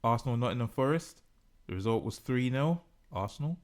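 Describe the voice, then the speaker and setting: A man's voice: medium pitch, lively intonation, a little fast, darkish tone. A man co-hosting a casual podcast, reading out results and making predictions in a teasing, presenting way. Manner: teasing, game-show-like presenting. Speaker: podcast co-host, football fan.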